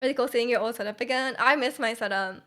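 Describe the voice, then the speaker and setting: A woman with a Canadian accent streams from a room at home and chats casually with her viewers. Her voice sits a little high. She strings her thoughts together with plenty of fillers and restarts and laughs often. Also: quick pace, sharp tone.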